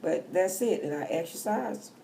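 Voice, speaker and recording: A middle-aged woman chats casually into her vlog, joking her way through loose, profane talk. Her voice sits low, with a gravelly edge and a mellow, dark tone. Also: expressive, normal speed, slight background noise. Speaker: tarot reader.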